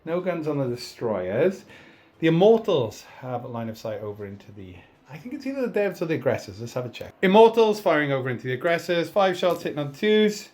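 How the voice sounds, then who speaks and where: A man's voice: fairly high pitch, a little fast. Chatty man calling dice rolls. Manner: chatty, self-mocking, excitable over dice rolls. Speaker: tabletop wargame player narrating his turn. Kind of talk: casual battle report commentary.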